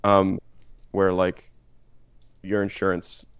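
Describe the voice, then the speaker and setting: A man's voice: deep voice, completely flat delivery, slow, clean tone, no room sound. A young man from Canada co-hosting a podcast, chatting casually and hesitantly, thinking aloud with many fillers. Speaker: podcast co-host. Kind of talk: casual chat.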